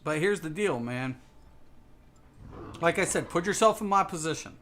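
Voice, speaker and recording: A man's voice: fairly high pitch, lively intonation, moderate pace, fairly bright tone, slight background noise. A man streaming a game, ranting casually and swearing often as he repeats himself. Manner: ranting, profane, repetitive. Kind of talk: casual gaming stream talk.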